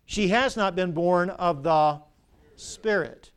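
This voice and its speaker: An older man preaching a sermon as pastor, asking the congregation questions and pausing for their answers. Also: high voice, smooth. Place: church sanctuary.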